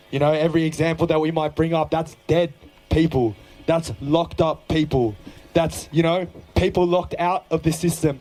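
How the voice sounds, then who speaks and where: A man's voice: a little high, a little mellow, low-quality recording. A young man fronting a band, giving a fiery, profane political speech from a live stage between songs.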